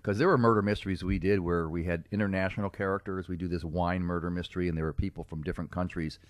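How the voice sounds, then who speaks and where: Deep-voiced man telling stories. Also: fairly even intonation, fast, no room sound. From Cincinnati, USA. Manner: storytelling, laughs often, self-mocking. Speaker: guest, comedic speaker and character performer. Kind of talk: casual podcast chat.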